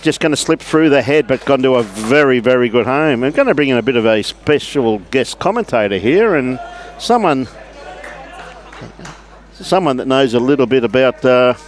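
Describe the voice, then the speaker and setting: A man with an Australian accent giving casual live commentary on lawn bowls outdoors at a club, chatting and greeting viewers by name. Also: medium pitch.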